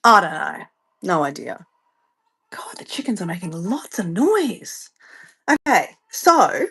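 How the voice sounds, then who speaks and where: Australian woman, casual livestream host, rambling and sidetracked, lively pitch, at home. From Southeast Queensland, Australia. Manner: rambling, chatty, easily sidetracked. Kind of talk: casual live-stream chat.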